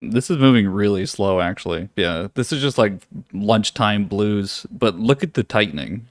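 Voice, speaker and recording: A man's voice: on the low side, animated, moderate pace, dry recording, clean studio sound. A man hosting a live trading stream from his home office, chatting casually with viewers, swearing freely, laughing often and teasing the chat.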